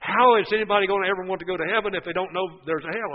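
Older preacher, high and folksy. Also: male voice, very fast, phone-quality sound. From West Virginia. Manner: folksy, emphatic, rhetorical questions. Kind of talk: sermon.

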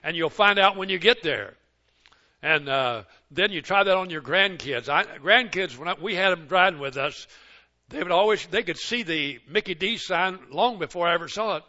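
An older man delivers a church sermon in a fairly high, forceful voice. He tells homespun stories and acts out what other people say, then drops to slow, hushed passages. The recording is muffled and lo-fi. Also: lively intonation. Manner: swings between loud, emphatic exhortation and hushed, slow passages; folksy storytelling that acts out others' words. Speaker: preacher. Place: church service.

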